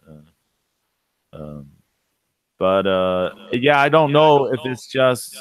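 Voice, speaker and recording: A man's voice: lowish voice, lively intonation, slow, no echo. A man co-hosting a casual podcast chat, hesitant and thinking aloud with many fillers. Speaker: podcast co-host.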